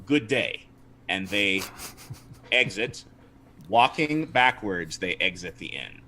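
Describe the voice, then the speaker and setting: A man narrating and running a tabletop role-playing game as its game master, in a relaxed storytelling manner. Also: low-pitched, slow, a little hiss or hum.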